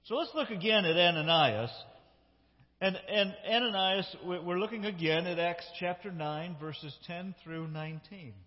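A man's voice: high-pitched, moderate pace. Male pastor preaching in a reverberant hall. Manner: reads scripture aloud, voicing the characters' lines with emphasis; conversational, asks the congregation questions. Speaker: lead pastor. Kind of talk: sermon. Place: church sanctuary. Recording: dull reverberant church hall sound.

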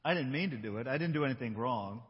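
A man's voice: mid-range voice, animated, fast, in a large hall, highs cut off, pitched below the performer's own voice, close to an everyday voice. A man voicing a sulky, defiant young boy who mumbles reluctantly.

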